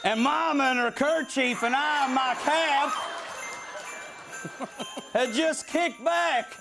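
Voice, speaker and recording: A man's voice: extremely high pitch, takes it slowly, creaky, heavily acted. A man putting on a comic Spanish accent while reading a holiday poem, playful and stumbling as he hams it up. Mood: hammy. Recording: loud audience and music behind.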